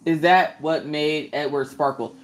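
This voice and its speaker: A woman's voice: steady tone, slow. A woman, chatting casually and joking on a crafting live stream while she works. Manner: joking, self-deprecating, jumps into high squeaky voices to greet viewers. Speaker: livestream host doing diamond painting.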